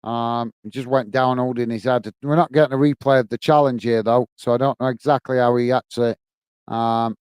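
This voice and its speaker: A man's voice: mid-range voice, fairly even intonation, brisk, darkish tone, clean tone, dry recording, clean studio sound. A man hosting a live football watch-along stream, calling the match and chatting with viewers, reading out their comments and thanking them by name in a friendly, rambling way full of fillers. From United Kingdom. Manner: many fillers and restarts, friendly banter.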